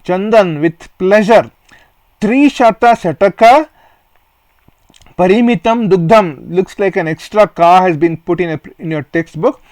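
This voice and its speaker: A male teacher with an Indian English accent works slowly through a Sanskrit textbook play, reading each phrase and then glossing it in English. His voice is fairly high for a man. The recording is close and dry, with no room echo. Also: darkish tone.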